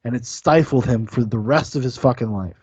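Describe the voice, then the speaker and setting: A man's voice: mid-range voice, brisk, darkish tone, breathy edge, dry recording, lo-fi sound. A man hosting a podcast, talking in a rambling, profane, enthusiastic way about a film. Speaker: podcast host. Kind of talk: casual film-review chat.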